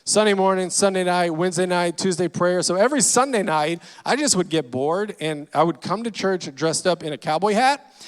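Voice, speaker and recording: Man, forties, comic storyteller, high voice, self-deprecating asides, long reverb from a big hall. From Louisiana, USA. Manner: self-deprecating, with dry punchlines and quick asides. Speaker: guest comedian and storyteller. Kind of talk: comedic storytelling from a church stage. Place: large church auditorium.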